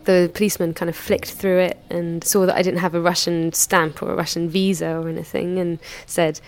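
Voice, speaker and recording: A woman's voice: fairly low pitch, level tone, a little fast, faint music behind. A woman in her thirties telling a personal anecdote in a candid, chatty way. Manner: candid, chatty retelling with frequent hedges. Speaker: storyteller.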